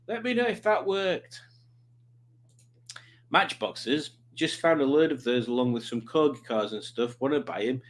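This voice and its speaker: A man's voice: mid-range voice, measured pace. A man chatting casually on a livestream, rambling and reading out viewer comments. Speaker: livestreaming YouTuber.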